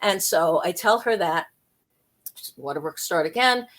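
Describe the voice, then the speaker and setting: A woman guest on an interview show, telling a story in a lively, chatty way with quick asides. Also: lowish voice. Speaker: guest, intuitive life coach and medium.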